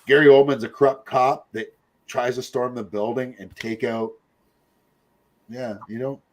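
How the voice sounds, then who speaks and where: A middle-aged man hosts a laid-back chat, talking at an everyday pitch. He rambles from point to point, stacking up fillers and side comments as he goes. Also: fairly even intonation, moderate pace. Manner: rambling, chatty, full of fillers and asides. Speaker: podcast host. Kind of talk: casual chat.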